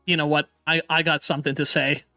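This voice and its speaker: A man hosting a casual live stream as a VTuber, excitable, stammering and often laughing or swearing. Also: a little high, quick pace, dry recording, soft background music.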